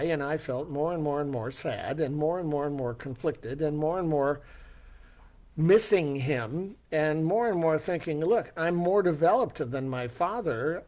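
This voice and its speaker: An older man with a slightly high voice shares a personal story in a motivational talk. He speaks earnestly and reflectively, and he poses rhetorical questions to his listeners. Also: a little mellow.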